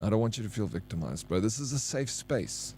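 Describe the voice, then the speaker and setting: A man's voice: on the low side, expressive, fairly quick, darkish tone, a little hiss or hum. A man with a South African accent from Johannesburg, chatting casually on a live stream, reading chat and greeting viewers by name. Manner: laid-back, reads chat aloud and greets viewers by name. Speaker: game streamer.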